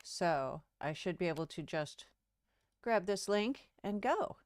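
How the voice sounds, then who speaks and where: Playful woman, smooth voice, dry sound. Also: fairly low pitch, lively intonation, slow, darkish tone, no room sound. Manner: playful, giggly. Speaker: streamer and player. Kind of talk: casual tabletop game chat.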